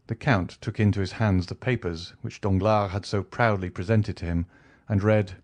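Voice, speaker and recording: A man narrating a classic novel as an audiobook in a steady, expressive storytelling manner. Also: lowish voice, moderate pace. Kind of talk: scripted narration.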